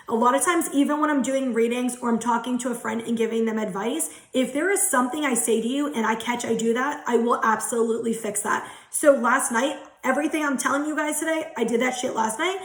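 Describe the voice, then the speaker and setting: A young woman speaks as a tarot reader, candid and earnest, with plenty of casual swearing. Her voice sits somewhat high. The sound carries the echo of a bare room. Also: a little fast. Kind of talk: casual spiritual talk to viewers.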